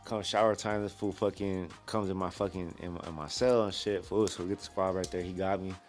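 A young guest. He speaks in a relaxed way, thick with street slang, over a faint bed of music. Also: deep voice, a little fast. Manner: laid-back, heavy street slang. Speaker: guest fighter. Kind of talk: casual interview chat.

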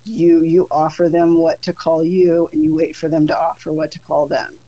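A mid-pitched voice walking through ideas in a loose, conversational way, stopping and restarting as the thoughts come. The sound is a bit dull and lo-fi, like a modest home recording. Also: little pitch movement, moderate pace, mellow, no echo. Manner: explains at length, thinking aloud with fillers. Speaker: podcast guest. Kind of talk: casual podcast chat.

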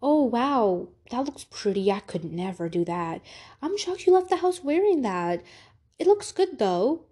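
A woman's voice: fairly high pitch, big pitch swings, measured pace, dark tone, slightly rough, exaggerated voice. A woman voicing a catty female acquaintance who gives backhanded compliments in a sugary, sneering tone. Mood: fake sweet. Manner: sugary mock praise with a sneer.

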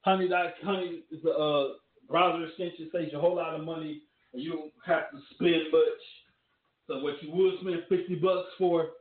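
A man rambles through wrestling talk and ad reads in an emphatic, loose way. His voice sits a little high. The audio is thin and tinny, like it came over a phone line. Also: steady tone, moderate pace. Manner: loose, emphatic, repetitive rhetorical questions. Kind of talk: casual commentary with ad reads.

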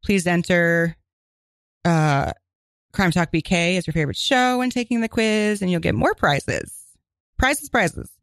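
A woman co-hosting a community radio crime show, chatting casually and reading announcements with quick asides. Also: fairly low pitch, dry recording. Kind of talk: casual chat and on-air announcements. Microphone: studio microphone.

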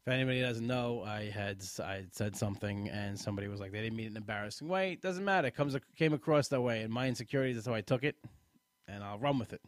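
A man's voice: medium pitch, quick pace, dry recording. Tired, rambling man hosting a podcast. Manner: chatty, self-deprecating, rambling with restarts. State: tired, yawning. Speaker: podcast host. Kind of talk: casual live podcast chat.

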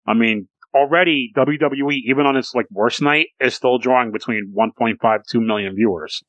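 A man's voice: mid-range voice, normal speed, a bit bright, no room sound, lo-fi sound. A man co-hosting a podcast, chatting casually about pro wrestling, rambling with restarts and swearing freely. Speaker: podcast co-host.

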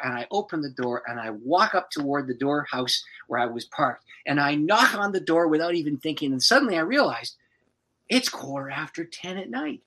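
A man's voice: a little high, low-quality recording. A man, a pastor and author, tells a personal story as a podcast guest, breaking into laughter as he goes. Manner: lively, laughs through his story.

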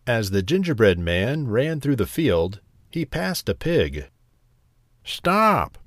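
A man narrating a bedtime story slowly and gently. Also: lowish voice, sing-song, no echo, studio quality.

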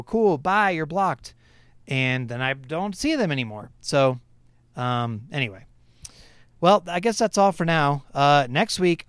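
A man co-hosting a podcast in casual chat, animated and teasing, mocking critics in exaggerated voices. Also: mid-range voice, smooth, no echo. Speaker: podcast co-host.

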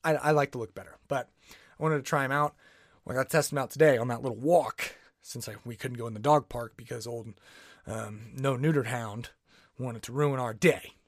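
Speaking a little fast in a steady, medium-pitched voice, this man rants by himself on his own podcast. He rambles and sounds exasperated, restarting often and laughing a lot. The podcast microphone picks up no echo.

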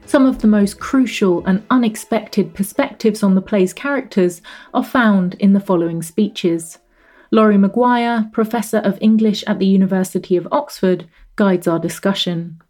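Calm woman narrating a literature lesson. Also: mid-range voice. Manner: measured, explanatory, slows to scan verse. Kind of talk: scripted documentary narration.

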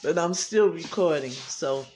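A podcast host speaking in an earnest, colloquial, gently preachy monologue, openly emotional and rambling a little. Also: medium pitch, measured pace, slight background noise. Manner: colloquial, double negatives. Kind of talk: casual heartfelt monologue.

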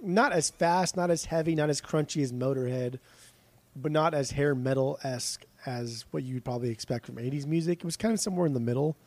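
A man's voice: on the high side, a little fast, darkish tone, dry recording. A man co-hosting a podcast in casual chat, rambling and swearing with frequent restarts. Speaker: podcast co-host.

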